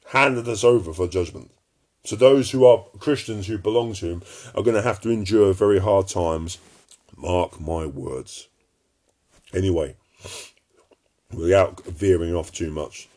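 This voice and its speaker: A man preaching informally to his viewers, blunt and scolding, swinging between loud warnings and low, intense tones. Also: measured pace.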